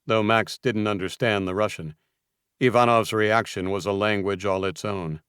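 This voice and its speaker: A man narrating a thriller audiobook in a measured, tense delivery. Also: fairly low pitch, steady tone, fairly bright tone, clear, resonant tone, no echo, clean studio sound.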